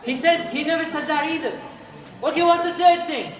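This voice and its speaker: A man giving a lively talk to a youth group, questioning and calling out to his listeners. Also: very high voice, fairly quick. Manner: animated, questions and calls out to listeners. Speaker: youth teacher. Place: community hall with young audience. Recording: roomy hall, distant mic, crowd behind.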